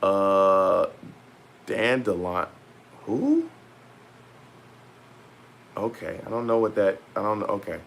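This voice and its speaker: A man's voice: low-pitched, steady tone, vocal fry, fairly bright tone, a little hiss or hum. Loose, rambling man vlogging. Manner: loose, rambling, slangy, many pauses. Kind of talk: casual talk to camera.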